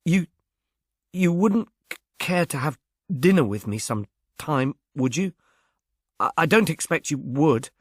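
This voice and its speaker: A man's voice: on the high side, expressive, unhurried, long pauses, breathy edge, dry recording, studio quality, voice pushed up. A man voicing a shy, earnest young Englishman who stammers and speaks diffidently. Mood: shy, hopeful. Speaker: reader.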